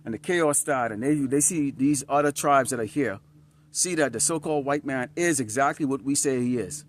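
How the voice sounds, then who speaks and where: At a moderate pace and medium pitch, a street preacher gives an outdoor sermon that includes scripture reading. He hammers points home through emphatic repetition and checks in with his audience using "Huh?" and "All right?". The place is outdoors, dusty, with a slight wind.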